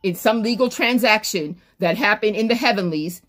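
A woman's voice: medium pitch, normal speed. A woman preaching an online sermon, emphatic and repetitive, calling on listeners by name.

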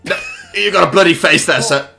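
A man's voice: on the high side, brisk, vocal fry, sharp tone, soft background music. A man playing the officer of an artillery crew over voice chat, with mock-formal orders and flustered stammering. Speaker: gamer commanding an artillery crew.

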